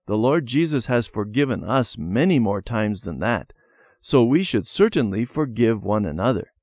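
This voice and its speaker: A man's voice: medium pitch, animated, normal speed, darkish tone, dry recording. Brief: man doing a mild father, his own voice, dry. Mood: gentle. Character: gentle Christian father.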